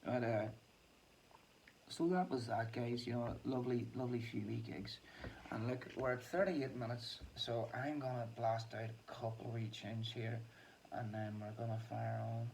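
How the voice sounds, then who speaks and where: A man's voice: mid-range voice, fairly even intonation, normal speed, gravelly, a little mellow, far from the mic, a little hiss or hum, rough recording. A man, a musician hosting his own vlog, chatting in a loose, self-deprecating way and laughing often. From Ireland. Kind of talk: casual rambling monologue.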